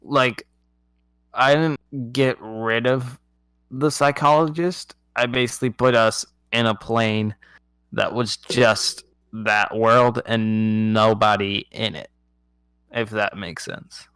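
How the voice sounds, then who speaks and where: A man's voice: medium pitch, steady tone, takes it slowly, a bit bright, clean tone, no echo. A man narrating a tabletop game as game master in a laid-back, playful way.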